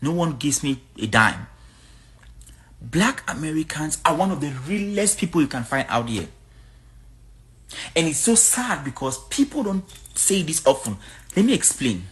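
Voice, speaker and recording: A woman from Africa speaks straight to her viewers in a casual vlog. Her talk is blunt and outspoken, and her pitch swings a lot from line to line. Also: very animated, measured pace, pauses often. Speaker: vlogger.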